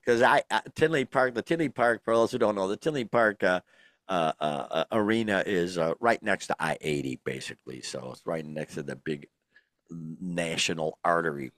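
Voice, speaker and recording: A middle-aged man talks through a casual podcast chat in a fairly low voice. He rambles, trips into restarts and leans on fillers. The sound is dry and close, with no room around it. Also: moderate pace, a bit bright, no room sound. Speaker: podcast co-host.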